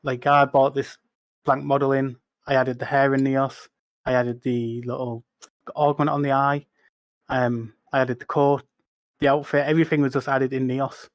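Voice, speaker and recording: A man's voice: medium pitch, level tone, moderate pace, dry recording, clean studio sound. A man, a guest on a casual podcast, explaining things in an earnest, patient way.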